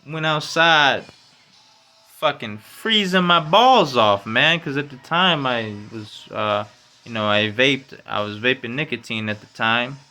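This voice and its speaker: On his casual solo podcast, the host talks in profane slang, leaning on "man" and "you know." He gets louder and higher in pitch as he works himself up.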